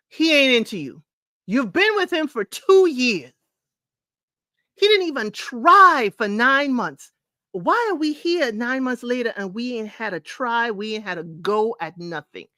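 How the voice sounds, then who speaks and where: A woman's voice: fairly high pitch, dry recording. Exasperated woman host reading online posts. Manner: animated, exasperated, talks straight to listeners. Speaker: advice show host.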